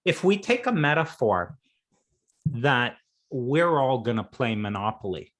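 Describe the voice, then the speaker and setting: A male coach speaks slowly and without hurry, and his pitch swings widely from line to line. He is playful, laughs often and acts out small scenes as he talks. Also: big pitch swings. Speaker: coach and interview guest. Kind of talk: conversational coaching talk.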